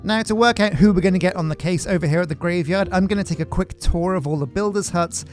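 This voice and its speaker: A man's voice: sits high, quick pace, soft background music. A man hosting a gaming video, giving casual gameplay commentary in a joking, rambling, self-mocking way. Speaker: gaming channel host.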